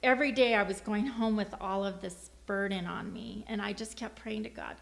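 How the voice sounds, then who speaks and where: A middle-aged woman shares her testimony in a lively, storytelling way, often acting out the voices of the people in her story. Her voice has a gravelly, fry-edged texture at a middle pitch. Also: normal speed, hardly any pauses, slight background noise. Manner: lively storyteller, acts out quoted dialogue, laughs often. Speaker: church member giving a testimony.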